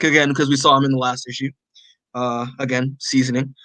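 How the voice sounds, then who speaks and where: A man co-hosting a podcast, casually recapping a comic issue with lots of fillers and quick acted-out character lines. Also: medium pitch, flat delivery, bright, forceful tone, no room sound, low-quality recording. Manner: rambling, many fillers, acts out characters' lines. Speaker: podcast co-host.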